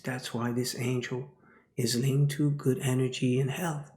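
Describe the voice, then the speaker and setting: A man's voice: medium pitch, unhurried, darkish tone. A man giving a spiritual teaching talk, dropping into whispers and repeating phrases like a chant. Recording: roomy echo.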